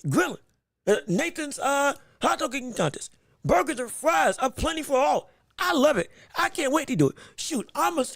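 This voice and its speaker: A man hosting his own podcast from his room at home, talking to listeners in a loose, animated, chatty way full of exclamations. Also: very high voice, creaky, dry recording, studio quality. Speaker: podcast host. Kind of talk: casual solo podcast talk.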